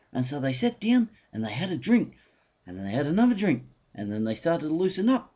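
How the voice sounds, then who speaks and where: A man telling a joke in a halting, animated way with many restarts, in a dull lo-fi home recording. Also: a little high. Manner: animated, halting, full of restarts and changing voices. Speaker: joke teller.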